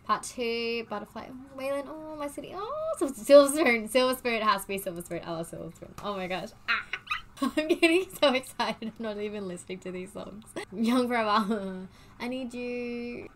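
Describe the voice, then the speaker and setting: Excitable young woman vlogger. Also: on the high side, moderate pace, a little hiss or hum. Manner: excitable, gushing, breaks into bits of song. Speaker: vlogger doing online quizzes. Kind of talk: casual chat while reading quiz questions aloud.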